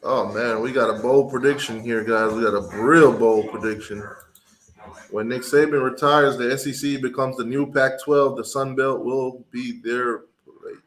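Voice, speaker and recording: A man hosting a watch party, giving casual play-by-play commentary and getting loud and excited on big plays. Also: medium pitch, moderate pace, roomy sound, rough recording.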